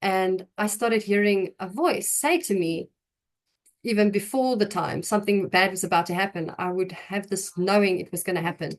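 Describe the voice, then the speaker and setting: A young woman telling her personal faith testimony in an emotional, halting way, often restarting her sentences. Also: mid-range voice, fairly even intonation. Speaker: guest giving testimony.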